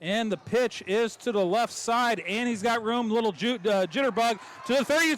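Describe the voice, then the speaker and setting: Here a man handles play-by-play for high school football, firing off fast calls with plenty of excitement. Stumbles and laughter slip into his commentary.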